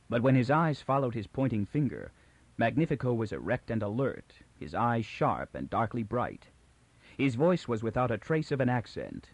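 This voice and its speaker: A male narrator reading a novel aloud in an even, clear storytelling voice. His pitch stays lively, and the dry recording is close and a little dull. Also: normal speed, dry recording. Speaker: audiobook narrator. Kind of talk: audiobook narration.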